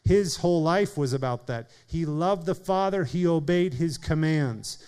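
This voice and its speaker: A man preaching a sermon in an earnest way, speeding up and slowing down for emphasis and calling on listeners by name. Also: on the high side, darkish tone, clear, resonant tone. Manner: earnest preaching, shifting pace and volume for emphasis. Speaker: pastor.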